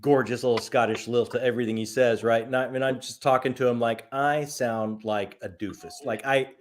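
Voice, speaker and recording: A man chatting as a guest on a book live stream, enthusiastic and halting, with many restarts. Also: mid-range voice, steady tone. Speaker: guest, fellow book reviewer. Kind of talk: casual live-stream chat.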